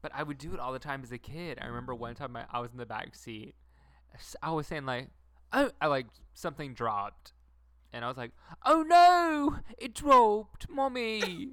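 A man's voice: medium pitch, brisk, sharp tone, no room sound. A man in his twenties co-hosting a podcast, chatting casually, giggling and rambling. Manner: giggly, rambling, drops into silly put-on voices. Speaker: podcast co-host. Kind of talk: casual chat.

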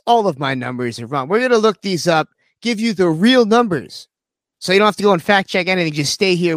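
A man's voice: fairly high pitch, no echo. A young man hosting a radio show, rambling and joking in casual banter, poking fun at himself, from a studio. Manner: joking, rambling, self-deprecating.

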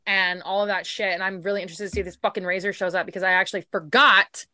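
A woman's voice: medium pitch, quick pace, no room sound. A woman co-hosting a casual podcast chat about a book series, swearing freely and acting out the characters' lines. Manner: profane, animated, acts out characters' lines. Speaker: podcast co-host.

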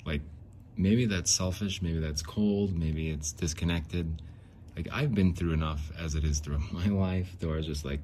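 Casting: very deep, mellow-voiced man, rambling podcast monologue, faint hiss behind. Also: moderate pace. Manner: rambling, repeats himself, frequent likes and restarts. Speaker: podcast host. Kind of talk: casual monologue.

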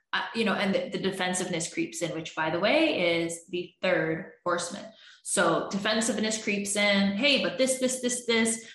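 A woman speaks at a moderate pace with a medium pitch and fairly bright tone, her voice echoing in the room. A relationship coach, she gives an earnest, explanatory advice podcast monologue on communication, voicing couples' arguments herself.

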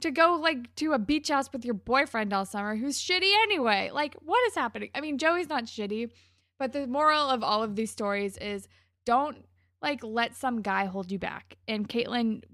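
A woman's voice: a little high, normal speed, fairly bright tone, no room sound, clean studio sound. A young woman co-hosting a podcast, casually and sarcastically recapping a TV episode and acting out the characters' lines. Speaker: podcast co-host recapping a TV show.

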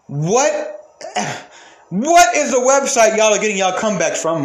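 A man with a high voice delivers a heated, profane monologue as a podcast host. He hammers his points by repeating phrases and sounds openly angry. The room around him has a noticeable echo. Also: very animated, unhurried.

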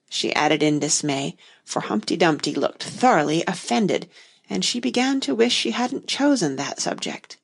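Gravelly, husky woman reading a storybook. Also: lowish voice, moderate pace. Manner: expressive storytelling. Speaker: narrator. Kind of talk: audiobook reading.

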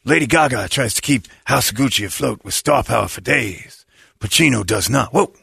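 A man impersonating a raspy, vain old movie star. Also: medium pitch, expressive, normal speed, sharp tone, dry recording, clean studio sound, exaggerated voice. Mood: indignant. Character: aging male movie legend, vain and baffled. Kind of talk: comedy impression.

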